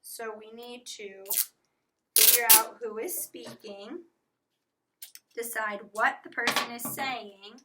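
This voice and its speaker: Woman teacher, fairly high voice, slow and methodical walkthrough. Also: steady tone, heavy background noise. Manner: slow, step-by-step explaining, apologizes for slips. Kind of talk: recorded classroom lesson.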